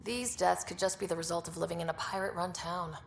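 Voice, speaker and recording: Level-headed female explorer, gravelly, low, calm questions, echoey. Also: fast talker, slight background noise. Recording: roomy echo.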